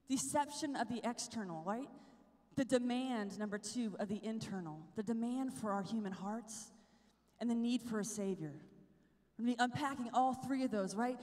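A young woman giving a lively, chatty preaching talk at a youth conference, often checking in with the crowd. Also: on the high side. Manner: energetic, chatty, asks the crowd "right?" often. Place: large conference hall with a live crowd. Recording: live talk in a big reverberant hall.

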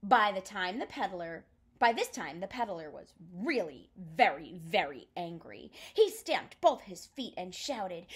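A woman's voice: mid-range voice, unhurried, breathy edge. A woman art teacher reading a picture book aloud, then starting a drawing lesson. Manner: expressive, sing-song storytelling.

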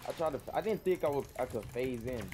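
A man's voice: medium pitch, expressive, quick pace, dark tone. A young man chatting with a teammate while gaming, rambling with lots of fillers and slang. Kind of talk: casual gaming chat. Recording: clear background noise.

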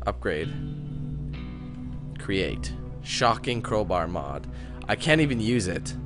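A man's voice: on the low side, sing-song, slow. A man giving casual, joking commentary while playing a video game, swearing now and then. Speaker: gamer. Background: game music.

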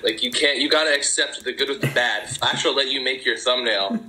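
Bright, sarcastic man bantering. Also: mid-range voice, a little fast, rough recording. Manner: teasing, sarcastic. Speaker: producer. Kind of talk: casual banter.

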